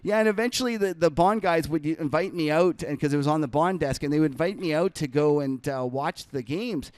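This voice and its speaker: Guy rambling thru a trading war story, lots of "like", smooth voice, dry close sound. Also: on the high side, a little fast, a little mellow, no room sound. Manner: rambling anecdote full of fillers and self-corrections; laughs while telling the story. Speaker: trader and podcast co-host. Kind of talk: casual storytelling.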